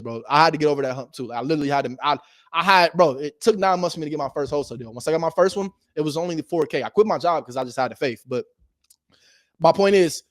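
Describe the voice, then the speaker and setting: A man's voice: a little high, dry recording, studio quality. A man teaching real estate wholesaling in a casual motivational style, emphatic and repetitive, slangy, often laughing.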